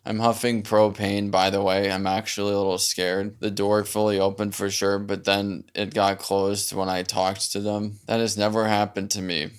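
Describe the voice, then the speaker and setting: A man with a low, smooth and clear voice reads online posts aloud in casual commentary. His delivery is dry and sarcastic throughout. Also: level tone, normal speed, hardly any pauses.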